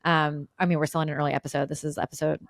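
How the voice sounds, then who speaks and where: A woman's voice: low-pitched, flat delivery, rapid-fire, vocal fry, no echo, clean studio sound. A woman co-hosting a podcast, chatting in a matter-of-fact way about politics and the show. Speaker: podcast co-host. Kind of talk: casual political chat. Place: New York City.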